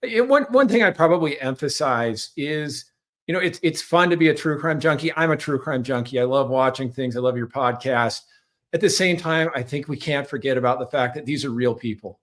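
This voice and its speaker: A man who is a communications consultant, a guest on a podcast, speaking sincerely and warmly about compassion, often repeating words. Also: mid-range voice, a little fast.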